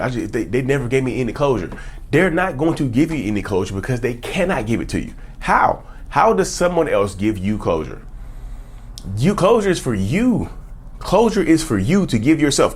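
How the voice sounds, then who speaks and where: Guy doing a self help pep talk, super lively up and down voice, hammers the same lines over and over, keeps saying y'all. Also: mid-range voice, breathy edge. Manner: emphatic, repeats key phrases, addresses listeners as y'all. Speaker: host.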